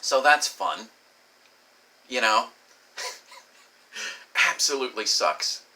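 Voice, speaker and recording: A man's voice: medium pitch, big pitch swings, very slow, sharp tone, poor audio. A man telling a crude personal story as a rambling, profane vlog monologue, laughing often and saying "you know" a lot. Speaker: vlogger.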